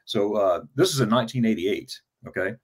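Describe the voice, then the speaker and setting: A man's voice: fairly low pitch, lively intonation, fairly quick. A man in his fifties who tells a long personal story in a casual interview, stammering and repeating words with many fillers. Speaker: travel vlogger telling his story as an interview guest.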